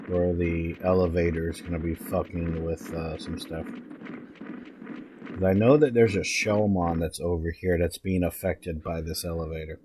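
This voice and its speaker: A man's voice: low-pitched, steady tone, normal speed, noisy background. A man streaming live gameplay, swearing and trash-talking the game as he plays. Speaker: gaming streamer. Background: faint game music.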